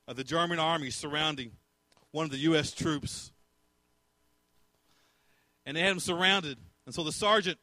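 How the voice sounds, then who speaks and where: Male preacher, brighter slightly high voice, dry close sound, emphatic storyteller. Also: dry recording. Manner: emphatic, storytelling, acts out quotes and laughs. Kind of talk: sermon.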